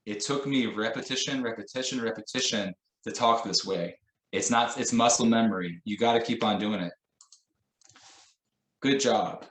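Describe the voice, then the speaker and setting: A man leads a training session for teachers, speaking in a relaxed, conversational way. He keeps turning to everyday examples and acts out short quoted lines. His voice sits a little low, and the room adds a clear echo. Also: fairly quick, slight background noise. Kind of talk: professional development lesson.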